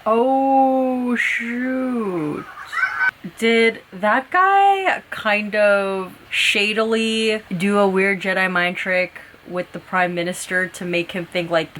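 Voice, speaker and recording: A woman's voice: medium pitch, a bit bright, slight background noise. Chatty woman reacting to a show. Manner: chatty, emotional, filler-heavy. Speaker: reaction vlogger. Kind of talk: casual reaction commentary. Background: the show's audio playing.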